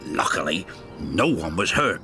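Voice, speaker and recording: Slow, lively-pitched storybook narrator. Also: male voice. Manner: warm storyteller, voicing every character. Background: music.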